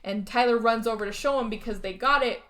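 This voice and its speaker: Speaking fast in a fairly high, fairly bright voice, a female podcast host rambles through a casual movie plot recap. She swears along the way and repeatedly checks in with her listener with "okay?", keeping things chatty.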